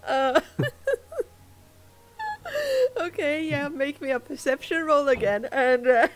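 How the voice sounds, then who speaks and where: Laughing woman game master. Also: high voice. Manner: halting, full of fillers and frequent laughter. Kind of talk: narrating a tabletop game.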